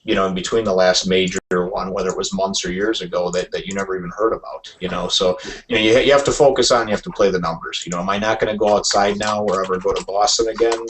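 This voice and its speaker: A man's voice: deep voice, steady tone, fast talker, a little hiss or hum. A man on a podcast, talking in a laid-back, hesitant way full of fillers in casual chat. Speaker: podcast co-host.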